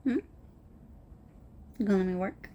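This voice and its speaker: A woman's voice: medium pitch, moderate pace, mellow. A woman vlogging casually about her knitting, laughing often and talking sweetly to her dog. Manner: playful, laughing, baby-talk to her dog. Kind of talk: casual chat to camera.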